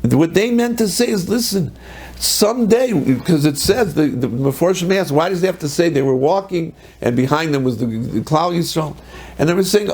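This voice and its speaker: A man, a rabbi, teaching a Torah class in a lively storytelling way, quoting texts and then translating them. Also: a little high, a little fast, husky, low-quality recording. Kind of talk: Torah class on the weekly portion.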